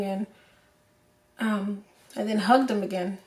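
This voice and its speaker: A young woman vlogger telling a personal story to the camera in an emotional, halting way, full of fillers. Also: medium pitch, steady tone. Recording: roomy echo, voice from a distance.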